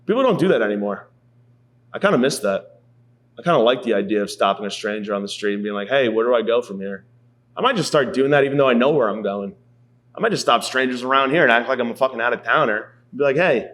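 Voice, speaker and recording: A man's voice: mid-range voice, lively intonation, quick pace, fairly bright tone. A man in his thirties delivering a rambling, profane, self-mocking comedy monologue as a podcast host. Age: 30s.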